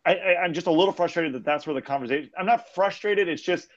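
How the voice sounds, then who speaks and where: A man's voice: fairly high pitch, quick pace. Reflective man on a dull lo-fi recording. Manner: reflective, hesitant restarts. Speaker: podcast co-host. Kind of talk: casual discussion.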